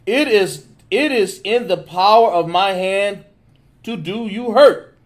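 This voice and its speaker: A man in a bible study reading verses aloud slowly and haltingly, in a loud raised voice. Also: high-pitched.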